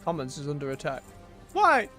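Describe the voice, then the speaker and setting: A man with a somewhat high voice streams a role-playing game and chats as he goes. His pitch rises and falls freely as he muses out loud. Soft game music plays faintly behind him. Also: wildly swooping pitch, normal speed. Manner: chatty, thinking aloud while playing. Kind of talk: casual live-stream commentary.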